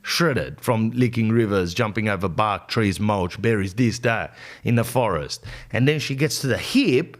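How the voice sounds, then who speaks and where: A man, hosting a podcast and telling a comic story in an animated, rambling, exaggerated way. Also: on the low side, unhurried. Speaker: podcast host. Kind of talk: comedic storytelling.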